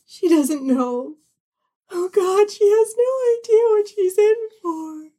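A woman's voice: extremely high pitch, lively intonation, slow pace, dark tone, voice pushed up, heavily acted. A woman voicing a weepy, lovestruck teenage girl who gushes tearfully to her friends. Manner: tearful, gushing.

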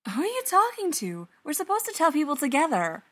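A woman voicing an overjoyed young man in a story reading, rambling quickly and excitedly. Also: mid-range voice.

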